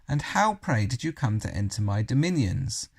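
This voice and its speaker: A man's voice: mid-range voice, very animated, normal speed, husky, no echo, clean studio sound. A man putting on a haughty cold queen. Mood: imperious. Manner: haughty, commanding, scornful. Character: cold imperious queen, a grown woman.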